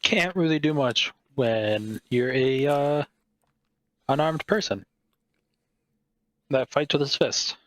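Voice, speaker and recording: A man's voice: medium pitch, slow, pauses often, dry recording. A man playing a tabletop game, chatting casually in a laid-back, matter-of-fact way.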